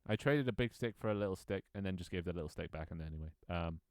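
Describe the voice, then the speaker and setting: A man with a very low voice chats loosely over a multiplayer game, teasing other players and breaking into chuckles. The sound is dry and close, with no room around it. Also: very fast, clear, resonant tone, no echo. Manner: playful, joking, chuckles often. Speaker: gaming streamer. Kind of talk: casual gameplay chat.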